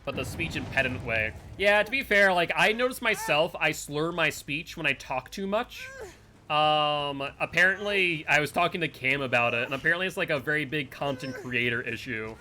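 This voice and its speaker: A man's voice: fairly high pitch, normal speed, pushed and bright. A man with a Northeastern US accent, streaming a game live and rambling to chat between plays. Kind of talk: live gameplay commentary and chat.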